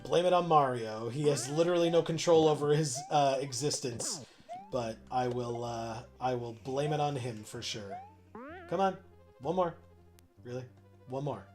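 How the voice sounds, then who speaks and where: A man's voice: mid-range voice, normal speed, darkish tone, faint music behind. A man streaming a video game, chatting casually and muttering encouragement to himself while he plays, poking fun at his own mistakes. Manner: muttering self-encouragement, self-mocking. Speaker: co-host playing the game. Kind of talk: casual livestream chat while playing.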